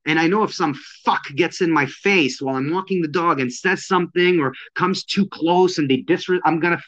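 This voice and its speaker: A blunt man with a fairly high voice speaks as a de-escalation instructor, swearing freely and driving his points home. His voice comes through dull and muffled, like a lo-fi recording of a casual chat. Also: moderate pace, fairly bright tone. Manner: blunt, emphatic, heavy swearing. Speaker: de-escalation and self-defense instructor. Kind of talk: casual podcast conversation. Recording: dull lo-fi sound.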